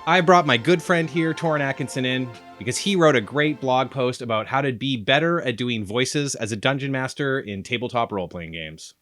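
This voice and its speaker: A man's voice: mid-range voice, a bit bright, faint music behind. A man hosting a casual chat in his garage, asking questions with lots of fillers. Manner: friendly, quick, filler-heavy questions. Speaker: host.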